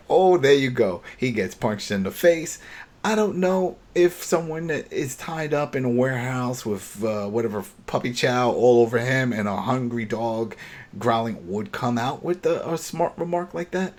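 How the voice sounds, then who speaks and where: Husky man retelling a TV episode. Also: medium pitch, normal speed. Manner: animated retelling, acting out dialogue. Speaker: podcast host recapping a TV episode. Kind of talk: casual podcast chat.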